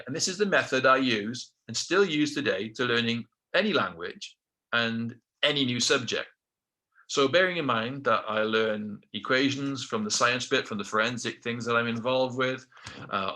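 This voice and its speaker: Bright-voiced British man telling stories. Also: medium pitch. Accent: British English. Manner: animated, acts out quotes, self-deprecating asides. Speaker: guest telling his life story. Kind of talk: casual storytelling.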